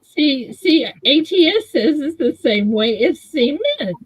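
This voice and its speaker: A woman's voice: sits high, lively intonation, a little slow, no room sound, rough recording. A woman hosting a casual live show, bantering and laughing easily. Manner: laughing, playfully defensive banter. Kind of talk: casual live-stream chat.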